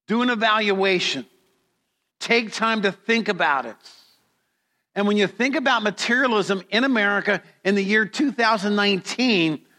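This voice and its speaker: A middle-aged male pastor delivering a sermon in a fairly high, bright voice. He preaches slowly and deliberately and tells his stories dramatically. A long hall reverb trails each phrase.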